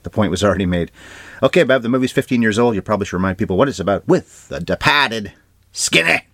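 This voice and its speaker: A man co-hosting a film podcast, running briskly through award trivia and box office numbers with dry asides. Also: fairly low pitch, fairly bright tone, dry recording. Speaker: podcast co-host. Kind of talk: casual film review chat.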